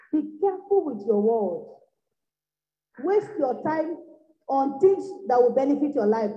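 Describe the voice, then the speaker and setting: A woman evangelist preaching a revival sermon, exhorting her listeners with repeated phrases that swing from soft to loud bursts. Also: a little high. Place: church meeting room. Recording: echoey, dull lo-fi room recording.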